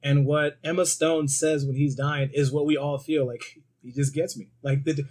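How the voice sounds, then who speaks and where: A man in his thirties co-hosts a casual podcast chat. His voice sits a little high, and he tells stories with lots of energy and swearing, often acting out what other people said. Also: normal speed. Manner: animated storyteller, swears freely, acts out quoted voices. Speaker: podcast co-host.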